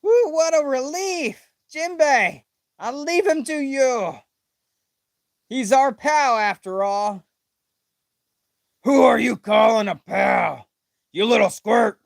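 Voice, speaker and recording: A man voicing an excitable, brash young male manga hero who shouts and squeals. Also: very high-pitched, takes it slowly, vocal fry, pauses often, no room sound, clean studio sound, pitched above the performer's own voice, exaggerated voice. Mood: excited.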